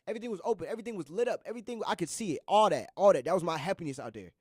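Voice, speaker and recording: A young college student hosting a radio show, talking casually and earnestly, rambling and repeating himself with slang. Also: male voice, high voice, animated, racing, darkish tone, slightly rough, dry recording, studio quality. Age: young adult. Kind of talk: casual motivational monologue.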